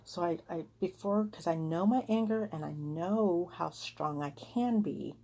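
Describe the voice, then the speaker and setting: A woman's voice: lowish voice, normal speed, a little mellow. A woman telling a personal story in a casual, earnest, chatty way, often acting out what people said. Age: adult with children. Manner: chatty, earnest, re-enacts heated arguments. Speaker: vlogger sharing a personal vision.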